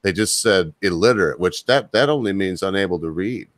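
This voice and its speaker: Brief: male host, low voice, dry close mic, reads news with wry asides. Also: expressive, a little fast, dry recording. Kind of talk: casual commentary, reading news aloud.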